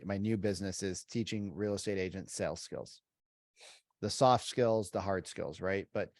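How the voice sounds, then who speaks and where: A man's voice: lowish voice, a little mellow, no echo. Emphatic man in a dry-sounding room. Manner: emphatic, peppered with "like" and "right?". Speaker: podcast guest, sales trainer. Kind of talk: casual podcast talk.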